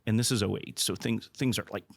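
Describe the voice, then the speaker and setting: A man with a fairly low voice talks casually with another person, telling a long anecdote in a loose, rambling way. He keeps starting sentences over and doubling up words. The sound is dry and close. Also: brisk, vocal fry, husky, no echo. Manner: rambling with frequent restarts and repeated words; animated when retelling others' words. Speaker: company president, interview guest. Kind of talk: casual storytelling in a conversation.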